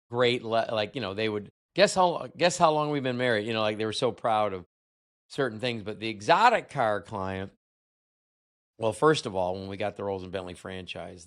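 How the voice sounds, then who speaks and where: A middle-aged male host with a fairly low voice, musing out loud in a rambling, conversational way. He restarts his sentences often as he thinks them through. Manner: reflective, rambling, with many restarts. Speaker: podcast host. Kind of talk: conversational interview.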